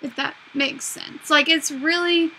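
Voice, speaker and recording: A woman's voice: high-pitched, steady tone, a little slow, sharp tone, slight background noise, rough recording. A young woman co-hosting a casual chat, giggly, and filling her talk with "like". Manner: giggly, filler-heavy, lots of "like". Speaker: video co-host.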